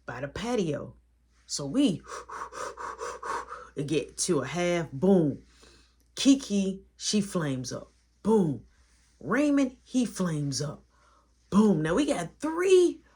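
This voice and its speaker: A man's voice: fairly high pitch, husky. A man telling a long personal story in a casual way and acting out what everyone said. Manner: animated, acts out quoted dialogue.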